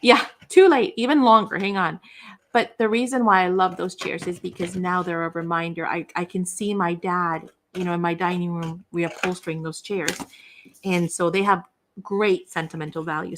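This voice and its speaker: A woman's voice: lowish voice, steady tone, moderate pace, a bit bright, slight background noise. A middle-aged woman hosting a craft livestream, chatting casually and acting out the voices in her stories with folksy, self-deprecating asides. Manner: chatty storyteller acting out quoted dialogue. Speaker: craft channel host.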